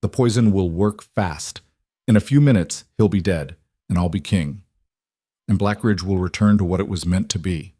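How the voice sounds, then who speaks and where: A man's voice: deep voice, normal speed, warm tone, no echo, clean studio sound. A man voicing a cruel, sneering young werewolf villain who mocks his brother in an audiobook. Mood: cold. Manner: taunting, mocking.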